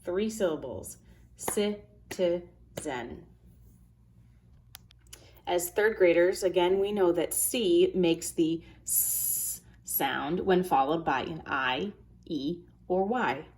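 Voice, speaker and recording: A woman teaches phonics to young students, carefully sounding out each letter and word. She speaks in a low voice at a very slow, deliberate pace. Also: darkish tone. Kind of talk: phonics lesson for children.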